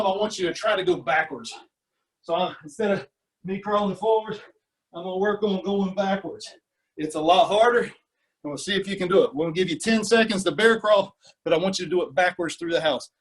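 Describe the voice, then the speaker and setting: A man's voice: sits high, fairly bright tone. A man coaching a youth golf class over video, talking kids through a lesson and counting out exercises as he does them. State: out of breath during burpees. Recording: voice a little distant from the mic.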